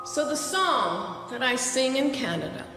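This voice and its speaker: A woman singer-songwriter telling a personal story in an excitable, animated way, with many stumbling restarts. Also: high-pitched, a little slow, long reverb tail, loud music behind the voice, poor audio.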